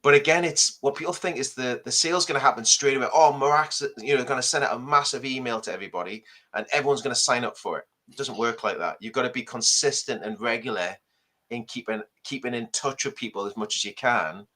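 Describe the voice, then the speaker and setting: A man's voice: medium pitch, fast, bright, forceful tone. A man from Newcastle with a Geordie accent, hosting a podcast and making his points emphatically. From Newcastle, England. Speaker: podcast host. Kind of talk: casual podcast chat.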